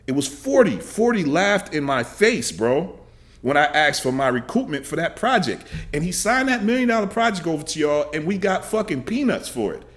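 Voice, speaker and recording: A man in his thirties hosting a reaction video, ranting angrily and profanely, repeating himself and shouting in bursts. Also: on the high side, sing-song, normal speed.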